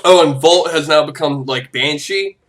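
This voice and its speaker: A man giving casual, excitable commentary over a game, swearing freely and breaking into laughs and shouts. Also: normal speed. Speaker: gameplay commentator. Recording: noisy low-quality game capture audio.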